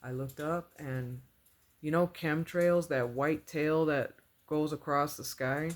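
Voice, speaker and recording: A woman's voice: low voice, fairly even intonation, takes it slowly. Woman vlogger recounting a dream, casual and rambling, heavy on fillers, earnest and religious. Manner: rambling, full of "like" and "you know", repeats phrases. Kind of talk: casual storytelling.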